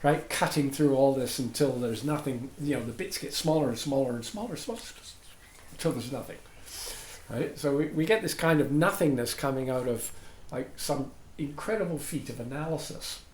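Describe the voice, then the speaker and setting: A man's voice: mid-range voice, moderate pace, a little mellow. A man giving an informal dharma talk to a group, chatty and digressive, often checking in with "right?". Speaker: dharma teacher. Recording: roomy sound with faint background noise.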